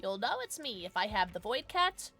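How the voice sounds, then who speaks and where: In a relaxed livestream from home, a young woman plays a game and banters with viewers. She sounds animated, bubbly, playful, and slightly tipsy, squealing and gasping softly at new followers. She talks at a normal speed with a medium pitch, and faint music can be heard behind her.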